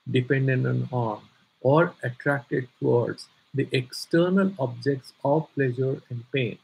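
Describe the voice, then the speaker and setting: A man's voice: medium pitch, vocal fry, a bit bright, slightly rough, low-quality recording. A man teaching a scripture class, explaining commentary and searching aloud for words. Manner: searches aloud for words, many fillers, stresses key terms.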